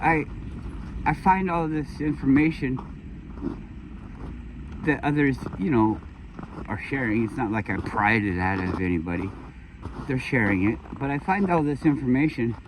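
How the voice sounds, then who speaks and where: A man talking to the camera in a meandering, philosophical monologue, with lots of swearing, restarts and low muttered asides. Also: normal speed, long pauses, noisy background. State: emotional, has been crying. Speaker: vlogger. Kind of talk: rambling personal monologue.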